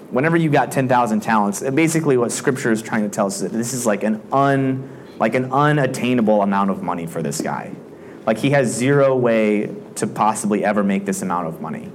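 A man gives a relaxed, conversational sermon, retelling scripture in everyday words. His speech is loose and full of "like" fillers. Faint background noise sits under the voice. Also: mid-range voice, normal speed. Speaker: preacher.

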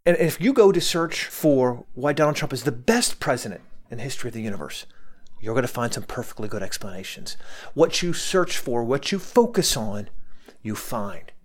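A man's voice: medium pitch, very animated, normal speed. A man giving an earnest motivational talk, often repeating words and restarting his sentences. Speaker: motivational speaker.

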